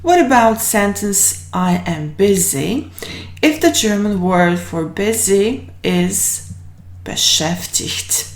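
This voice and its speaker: Slow, encouraging woman teaching German. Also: mid-range voice, lively intonation, a little mellow. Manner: drills words slowly and repeats them, encouraging. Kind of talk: slow, deliberate language lesson. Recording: roomy, echoey room.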